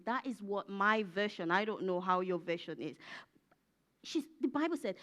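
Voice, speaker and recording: A woman's voice: medium pitch, lively intonation, moderate pace, fairly bright tone. A woman preacher delivering an emphatic church sermon, repeating phrases and building to fervent peaks.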